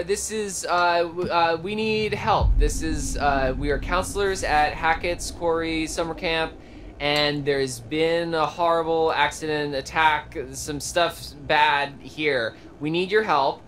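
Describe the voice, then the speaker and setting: A man's voice: on the high side, unhurried, a bit bright, a little hiss or hum. An actor playing a nervous young male camp counselor in a video game, hesitant and full of fillers. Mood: flustered. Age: young adult.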